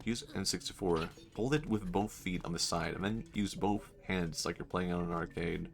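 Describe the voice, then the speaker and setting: A streamer chatting casually while gaming, musing aloud, laughing often and mocking himself. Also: male voice, low-pitched, moderate pace, creaky. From Sweden. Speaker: livestreamer.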